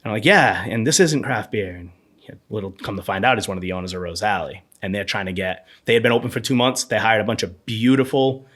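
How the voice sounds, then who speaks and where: A man in his thirties, appearing as a guest on a podcast, tells rambling, animated stories from his bartending years during a casual interview. He talks fast in a fairly low voice.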